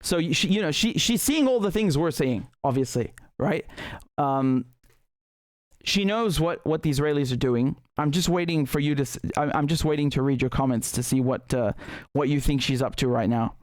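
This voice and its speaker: A man's voice: fairly high pitch, animated, normal speed, no echo. A man hosting a live political commentary show who talks in a heated, indignant way, often repeating words and restarting sentences.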